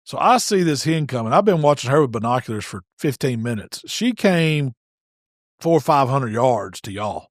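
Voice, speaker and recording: Man, chatty podcast co-host, swooping pitch, dry close mic. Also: lively intonation, moderate pace, no echo. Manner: chatty, drawling, chiming in with his side of the story. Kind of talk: casual chat. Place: podcast studio at a table.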